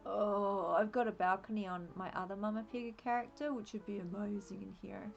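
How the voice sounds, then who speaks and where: An Australian woman streaming a game, chatting and thinking aloud in a relaxed, laughing way. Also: medium pitch, a little fast, vocal fry, faint music behind. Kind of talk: casual live-stream commentary.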